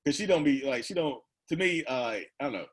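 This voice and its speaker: A man in his thirties tells his story loosely, stringing thoughts together with plenty of "like" and "you know." His voice has a husky, slightly rough edge at a middle pitch, and he laughs easily as he talks. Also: lively intonation, brisk. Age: 30s. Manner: rambling, full of "like" and "you know", laughs often. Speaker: guest. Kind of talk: casual conversational storytelling.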